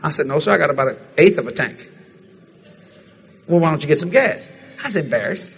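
A man preaching a sermon, telling a story in animated fashion and acting out the other people's lines. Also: a little high, a little fast, vocal fry, a little hiss or hum.

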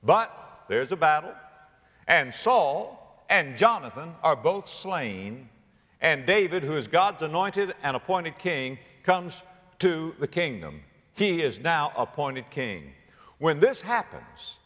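A man preaching a sermon, dramatic and animated, acting out biblical speakers and rising to near-shouts. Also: fairly high pitch, a little slow, big-room sound.

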